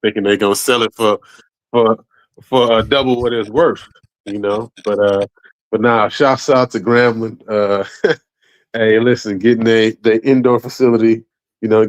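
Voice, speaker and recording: A man's voice: mid-range voice, low-quality recording. A man joining a casual sports podcast as a guest, joking and loose, often saying "you know what I'm saying".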